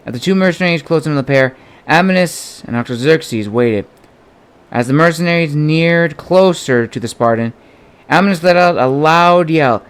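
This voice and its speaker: A man's voice: medium pitch, moderate pace, clean tone. A man narrating an audiobook, reading steadily and giving the characters small shifts of voice. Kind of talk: audiobook narration of his own novel.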